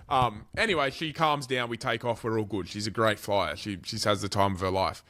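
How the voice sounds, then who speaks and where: Australian guy, young, podcast co-host, animated storytelling, lots of swearing, mid-pitched voice. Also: fast talker, few pauses. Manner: animated, sweary storytelling, swinging loud and quiet. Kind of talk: casual storytelling chat.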